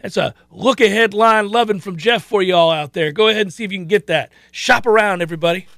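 Man, sports radio host, emphatic, high, dry close sound. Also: a bit bright, dry recording. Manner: emphatic, drawn-out stresses, quick asides. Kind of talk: sports betting talk.

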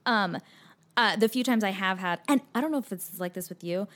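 A young adult woman chatting casually as a podcast guest, animated and full of restarts and fillers. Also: medium pitch, brisk. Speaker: podcast guest, actress and author. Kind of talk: casual chat.

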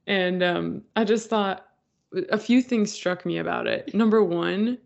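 Gravelly-voiced woman podcast host. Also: mid-range voice, lively intonation, unhurried, darkish tone, lo-fi sound. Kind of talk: casual chat.

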